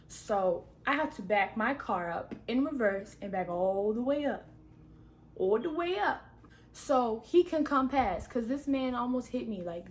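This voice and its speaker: A young woman vlogger telling a story to camera in an animated, dramatic, exclamatory way. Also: mid-range voice, slight background noise.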